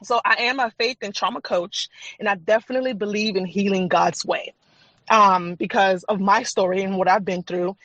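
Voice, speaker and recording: A woman's voice: mid-range voice, fairly even intonation, normal speed, fairly bright tone, no echo, muffled recording. A woman guest on a podcast, a faith and trauma coach, telling her personal story in an earnest, candid, chatty way. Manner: earnest, candid, chatty with frequent fillers and laughs.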